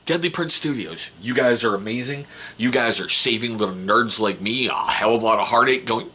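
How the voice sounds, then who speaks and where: A man hosting a casual hobby vlog, rambling and excitable, and swearing casually. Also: mid-range voice, a little fast, slight background noise. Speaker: hobby channel host.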